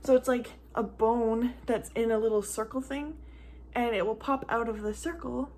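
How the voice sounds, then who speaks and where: A young mom telling a storytime vlog in a slightly high voice. She rambles casually with lots of "like" fillers, and her talk turns emotional at times, close to tears. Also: steady tone, normal speed, darkish tone, a little hiss or hum. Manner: chatty, rambling, many "like" fillers.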